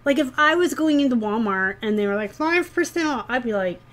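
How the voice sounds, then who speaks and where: A woman's voice: a little high, lively intonation, fast talker, a bit bright. Chatty woman reseller vlogging. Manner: chatty, sarcastic, rambling. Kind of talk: casual vlog talk.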